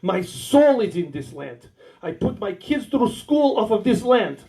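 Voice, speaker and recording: A man with an American accent tells rambling, crude stand-up stories, acting out every line of dialogue. His voice sits high and swings widely in pitch as he builds to each punchline. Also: very animated, measured pace, vocal fry, warm tone, low-quality recording. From United States. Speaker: stand-up comedian. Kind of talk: stand-up storytelling. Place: small warehouse comedy night.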